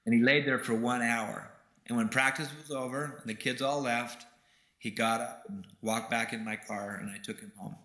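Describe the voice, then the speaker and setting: A man's voice: medium pitch, fairly even intonation, moderate pace, sharp tone. A man giving a keynote speech and telling a personal story in an earnest way. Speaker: keynote speaker. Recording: roomy hall echo.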